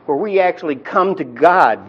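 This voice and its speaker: Guy preaching thru scripture, casual and halting, keeps restarting, kinda muffled tape sound. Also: on the high side, animated. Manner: conversational, with frequent restarts and repeated words. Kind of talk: Bible teaching sermon.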